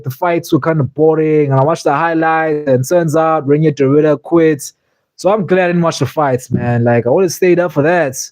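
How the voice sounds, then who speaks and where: A man's voice: on the high side, a little mellow, no echo. Rambling man in casual chat. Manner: rambling, lots of fillers and restarts. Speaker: streamer reviewing fights.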